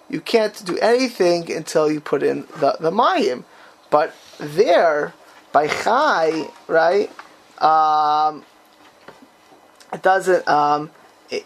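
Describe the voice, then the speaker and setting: A man teaching a class on a text, quizzing his students and bursting into dramatic exclamations. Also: on the high side.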